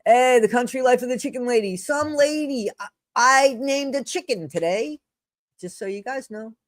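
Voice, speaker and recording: A woman's voice: on the high side, moderate pace, dry recording. A woman hosting a casual livestream, reading a blog aloud and answering her live chat in a chatty, apologetic way. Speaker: livestream host. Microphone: streaming setup mic.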